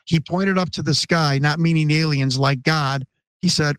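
Insistent American man in his 50s, a podcast guest who pleads his case earnestly; fairly high voice, dry close sound. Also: steady tone, moderate pace, a bit bright, smooth, dry recording. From Chicago, USA. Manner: earnest and emphatic, insistent questions. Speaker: interview guest. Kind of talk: podcast interview.

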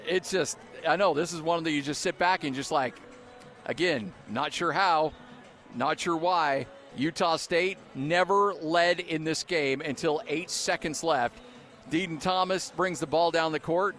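Excited male postgame radio broadcaster. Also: fairly high pitch. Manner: excited, then thoughtful stat recap with fillers. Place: arena radio booth.

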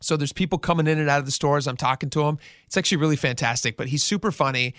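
A man's voice: on the high side, racing, dry recording. Man telling a story on the radio, dry studio sound. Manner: animated storytelling, retells quotes in character. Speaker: radio host. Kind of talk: casual radio talk.

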